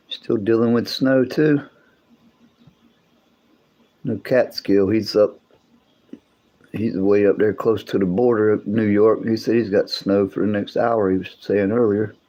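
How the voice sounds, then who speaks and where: The recording is muffled as a man with a lowish, mellow voice hosts a livestream and talks casually with his chat viewers. He's unhurried, with fairly even intonation and long pauses, drawling and rambling along and often starting sentences over.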